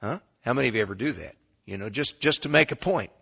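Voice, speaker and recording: A man preaching a sermon in a folksy storytelling way, swinging between quiet asides and loud bursts. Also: medium pitch, lively intonation, quick pace, creaky, husky, dull audio.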